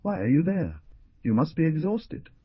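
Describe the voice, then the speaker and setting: A male narrator playing a caring old backwoods hunter in an adventure story, gentle and coaxing, with an animated, rising delivery. His voice comes through husky and dull, close and dry. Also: a little high, normal speed, dry recording, pitched above the performer's own voice. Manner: coaxing, affectionate. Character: warm old trapper, fatherly and caring.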